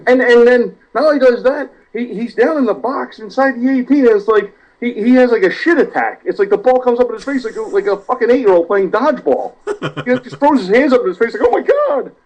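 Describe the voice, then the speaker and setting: A man's voice: extremely high pitch, a little fast, darkish tone. Profane ranting man, muffled. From South Jersey, USA. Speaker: regular caller. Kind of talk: casual podcast chat.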